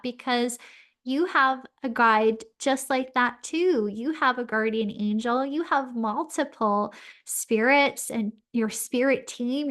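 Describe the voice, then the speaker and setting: A woman hosting a podcast who tells a personal story in an earnest, heartfelt way, often using "um" and "like". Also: fairly high pitch. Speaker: podcast host and spiritual medium.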